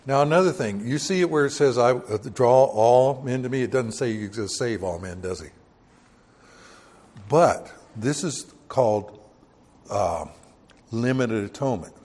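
A man teaching a verse-by-verse Bible sermon, reading scripture slowly and loudly and adding emphatic, dismissive asides. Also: mid-range voice, lively intonation. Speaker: preacher. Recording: long hall reverb.

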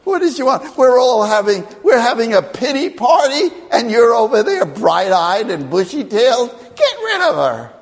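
A man voicing a crowd of grumbling people who whine and shout complaints. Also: extremely high pitch, huge pitch swings, normal speed, hardly any pauses, in a large hall, voice pushed up, heavily acted. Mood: mocking.

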